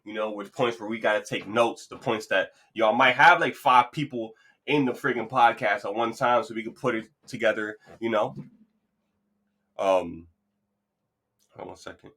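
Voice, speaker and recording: A man's voice: on the low side, moderate pace, bright, forceful tone, husky. A man hosting his own podcast, talking loosely and encouragingly in a rambling, upbeat monologue into a podcast mic. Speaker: podcast host. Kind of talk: casual motivational monologue.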